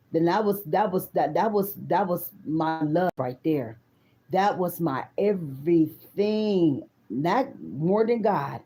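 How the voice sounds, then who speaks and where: A woman in her fifties tells a story in a loose, casual way. Her voice is mellow and dark. She talks bluntly, swears freely and turns to her viewers as if they were close friends. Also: on the low side. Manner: blunt, profane, animated, talks straight to the viewers. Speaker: tarot reader.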